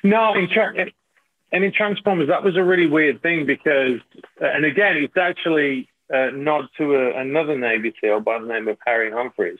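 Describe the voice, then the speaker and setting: A man's voice: fairly high pitch, normal speed. A middle-aged man, telling stories as an actor guest in a casual interview. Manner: animated, repeats and restarts while telling anecdotes. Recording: tinny phone-like line.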